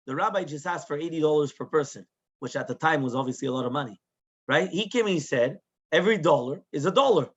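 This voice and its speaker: A man's voice: a little high, quick pace. A man, a rabbi, telling a lesson story in English with Hebrew terms, acting out the people in it and asking his listeners "right?" again and again. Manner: animated storyteller, acts out the people in his tale; mixes Hebrew terms into English, with frequent tag questions. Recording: dull, lo-fi recording.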